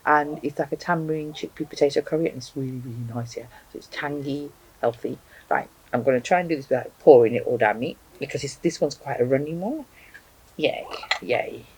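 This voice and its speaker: A woman talks casually to camera about the sauce she is tasting at home, thinking aloud with plenty of ums. Her voice is husky and sits fairly low for a woman. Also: fast, hardly any pauses, darkish tone, low-quality recording. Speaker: hot sauce reviewer. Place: home, indoors with a cat.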